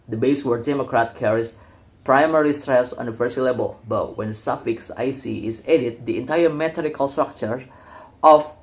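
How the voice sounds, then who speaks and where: A young man, a student, reads a prepared class presentation from a script at a steady pace, with the odd restart. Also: medium pitch.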